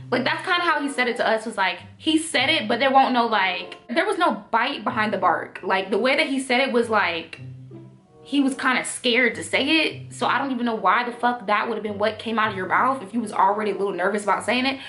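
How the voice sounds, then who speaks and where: A young woman telling a storytime vlog in an animated, profane, emphatic way. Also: fairly high pitch, moderate pace, faint music behind. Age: young adult. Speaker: storytime vlogger.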